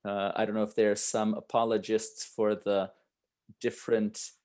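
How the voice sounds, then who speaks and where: Low-voiced man moderating chant workshop. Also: flat delivery, moderate pace, darkish tone. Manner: hums short melody to illustrate. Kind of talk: online workshop discussion.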